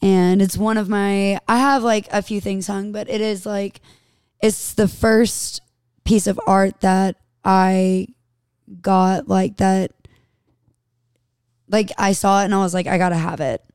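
A woman's voice: medium pitch, level tone, slow, a little mellow, clean tone, dry recording. A woman in casual podcast chat, a playful and teasing co-host on a close mic.

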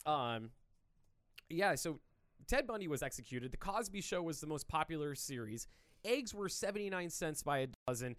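Brief: male podcast host, slightly high voice, joking and foul-mouthed, dry close mic. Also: big pitch swings, normal speed, a bit bright, smooth, dry recording. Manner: loose, joking, swears freely. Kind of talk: casual chat.

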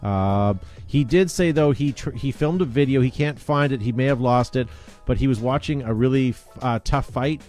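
A man's voice: mid-range voice, moderate pace, a little mellow, soft background music. A man hosting a casual chat show, talking in an upbeat, rambling way with plenty of fillers. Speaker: podcast host.

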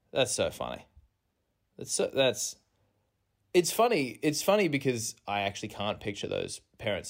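A man, hosting a podcast as a rambling comic monologue, self-mocking and meandering, recorded on a phone in a rented apartment. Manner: self-mocking, meandering, with sudden jumps in pitch. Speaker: podcast host.

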